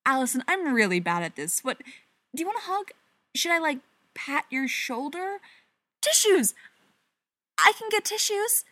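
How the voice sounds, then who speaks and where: Woman reading a flustered, wisecracking young woman; babbling, lively swoops, dry close sound. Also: high-pitched, moderate pace, no echo, pitched above the performer's own voice, full character voice. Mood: panicked. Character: frantic, babbling young woman, awkward and sarcastic.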